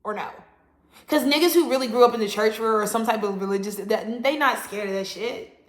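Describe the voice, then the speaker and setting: A woman vlogger talking straight to camera in a blunt, profane and animated rant, hitting words hard for emphasis. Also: a little high, fairly quick, reverberant. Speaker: astrology vlogger. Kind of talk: casual ranting monologue.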